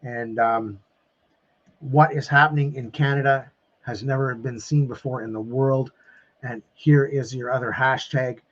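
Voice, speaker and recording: A man's voice: medium pitch, steady tone, a little slow, a bit bright, dull audio. A man coaching viewers on a live stream, emphatic and emotional, repeating phrases and calling them his friends. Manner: openly emotional and effusive.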